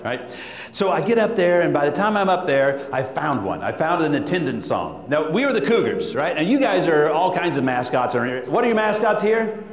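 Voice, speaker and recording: A man giving an animated talk to educators, telling stories, acting out quotes and leading chants with his audience. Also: a little high, slight background noise. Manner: lively, acts out quotes and leads call-and-response chants. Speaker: school administrator speaking to educators. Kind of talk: animated conference talk with storytelling. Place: large hall. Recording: echoey hall with long reverb.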